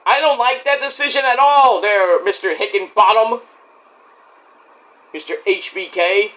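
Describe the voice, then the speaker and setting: A man giving a casual solo review of a wrestling show, excitable and profane, breaking into rants. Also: high voice, unhurried.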